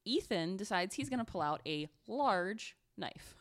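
A woman's voice: mid-range voice, expressive, measured pace. A young woman co-hosting a podcast, casually telling a story with lots of fillers and giggles. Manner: chatty, giggly, rambling with many fillers. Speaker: podcast co-host.

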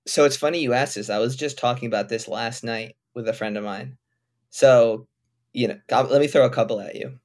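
A man, a comedian and film director, talking quickly and casually in an interview, full of likes and fillers. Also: mid-range voice, darkish tone. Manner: talks fast with many fillers, laid-back.

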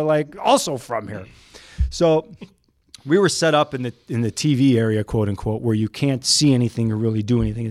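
A man's voice: mid-range voice, no room sound, clean studio sound. A man from Chicago, a news photojournalist, telling stories as a guest in a casual chat. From Chicago, USA. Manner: animated, lively storyteller.

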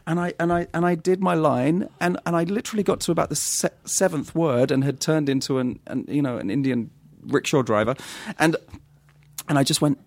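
Animated laughing male storyteller, dry mic. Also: a little high, fairly quick, creaky, dry recording. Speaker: guest actor. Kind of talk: casual anecdote-telling.

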